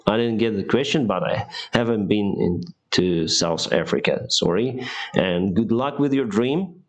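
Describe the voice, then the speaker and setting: A Ukrainian airline pilot answers viewer questions on a live stream in halting English, restarting often and laughing frequently. His pitch is fairly low.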